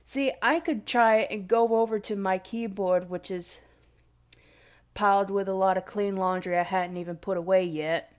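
A woman's voice: mid-range voice, fairly even intonation, normal speed. A young woman rambling casually and emotionally in a vlog, self-deprecating and swearing freely. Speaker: vlogger.

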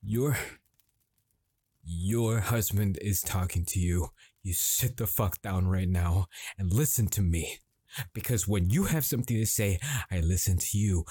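A man's voice: deep voice, slightly rough, no room sound. A man playing a frustrated, swearing husband. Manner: halting, swearing, escalating to yelling. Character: frustrated husband arguing with his wife at dinner. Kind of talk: improvised dramatic monologue.

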